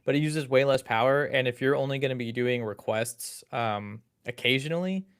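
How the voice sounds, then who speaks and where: A man's voice: mid-range voice, normal speed, smooth. A man co-hosting a tech podcast, easygoing and casual, often searching for words and repeating himself. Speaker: podcast co-host.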